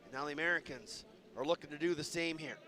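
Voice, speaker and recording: A man calling a lacrosse game live, rattling off names quickly and shouting on goals and saves. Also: a little high, noisy background. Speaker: play-by-play commentator. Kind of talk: live sports commentary. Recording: loud stadium crowd behind.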